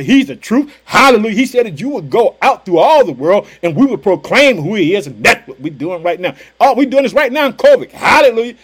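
A man preaching a fervent, energetic podcast sermon in casual street phrasing, often crying out hallelujah. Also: high voice, husky. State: pumped up.

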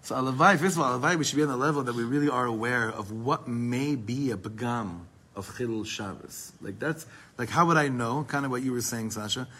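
A man teaching a Torah class to a small group, quickly reading Hebrew passages and then explaining them in English in a lively way. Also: medium pitch, slightly rough, poor audio.

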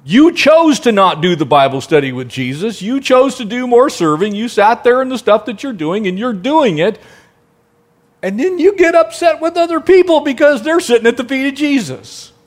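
A male pastor delivering a sermon in a high, lively voice that swings widely in pitch. He keeps firing rhetorical questions at his listeners and now and then softens into a gentle hush. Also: normal speed. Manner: animated preaching, rhetorical questions to the congregation; drops to a soft, gentle tone for quiet passages.

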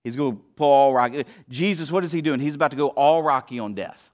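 A man pastor preaching a sermon, swinging between hushed lines and emphatic ones. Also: mid-range voice, quick pace.

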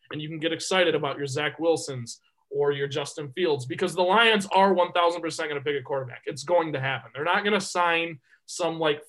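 Man with a high voice, sports podcast co-host, emphatic, repeats himself, casual chat. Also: low-quality recording. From Detroit area. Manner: emphatic, repeats words when excited.

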